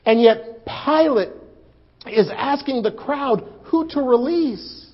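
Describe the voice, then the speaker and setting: A man playing a grieving male disciple in a dramatic first-person sermon, swelling loud for the crowd and sinking hushed and low. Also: animated, slow pace, full character voice. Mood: urgent. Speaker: preacher in first-person monologue. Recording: muffled lo-fi recording.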